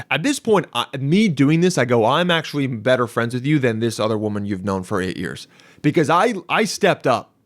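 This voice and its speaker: A young man hosting a casual podcast, telling a story in a rambling, animated way, swearing now and then and acting out what people said. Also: mid-range voice, no echo. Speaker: podcast host. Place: studio.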